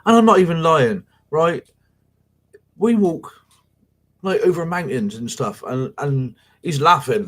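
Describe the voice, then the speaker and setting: A man's voice: a little high, very animated, normal speed, low-quality recording. A man hosting a livestream for paranormal investigators, telling rambling, sweary stories to his viewers in casual slang. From England. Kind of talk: casual live chat with viewers.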